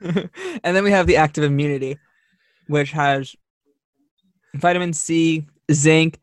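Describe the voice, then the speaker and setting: A man's voice: a little high, unhurried, dry recording, studio quality. A young man co-hosting a casual chat, laid-back and rambling, laughing often. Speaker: podcast co-host.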